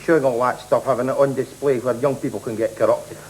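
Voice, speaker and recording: A man's voice: mid-range voice, fairly even intonation, quick pace, close to an everyday voice. An actor playing an indignant, bigoted middle-aged husband who rants at his wife in a TV sketch. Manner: indignant ranting. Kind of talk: 1980s TV sketch comedy. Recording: noisy old TV broadcast.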